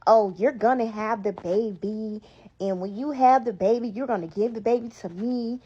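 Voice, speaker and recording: A woman's voice: fairly high pitch, moderate pace, dark tone, slightly rough. A woman playing a stern middle-aged father with a South Florida accent. He gives orders in a lecturing, bossy way. The audio is dull and lo-fi.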